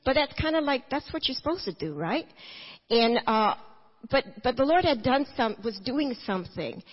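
A woman tells her personal story of faith to a church gathering, earnest and full of restarts. Her voice sits a little high and sounds husky. The recording is dull and muffled. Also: big pitch swings, moderate pace, big-room sound. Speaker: testimony speaker.

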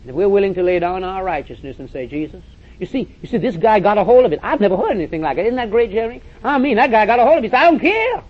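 Male preacher, emphatic sermon, high voice, dull old recording. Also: animated, very fast. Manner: emphatic, repeating phrases, addressing listeners with "now listen". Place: church or meeting hall with audience.

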